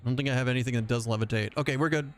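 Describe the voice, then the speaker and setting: A man's voice: medium pitch, very fast. A man live-streaming a game, chatting loosely with his viewers. He jokes around, swears casually and rambles from one aside to the next, in a mid-range voice. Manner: joking, profane, rambling asides. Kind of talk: casual livestream chat while gaming.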